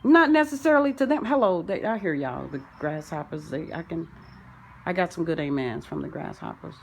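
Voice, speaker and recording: A woman delivering a rambling spiritual monologue, full of wordplay and sing-song turns, swinging from loud declarations to soft asides. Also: low voice, moderate pace, vocal fry, husky. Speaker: spiritual self-help vlogger. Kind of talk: rambling spoken-word monologue.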